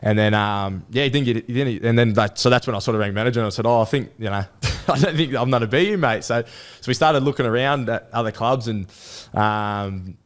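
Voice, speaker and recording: Young Aussie bloke, quick rambling talker, low smooth voice, casual interview guest. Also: male voice. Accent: Australian. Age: 20s. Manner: rambling storytelling with many restarts and fillers. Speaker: rugby league player guest.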